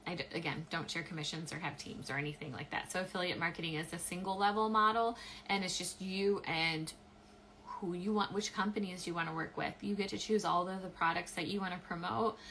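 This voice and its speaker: A woman's voice: on the low side, steady tone, fairly quick, gravelly, fairly bright tone, slight background noise, poor audio. A young adult woman hosting a casual live stream, chatting with many "um"s and restarts as she answers viewer questions. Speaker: live-stream host, affiliate marketer.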